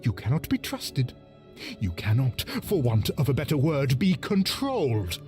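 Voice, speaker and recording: A man voicing a smug, cold villain priest in a dramatic reading, measured and menacing. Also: medium pitch, very animated, darkish tone. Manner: menacing, measured theatrical delivery. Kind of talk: dramatic audiobook-style reading. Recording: music bed under voice.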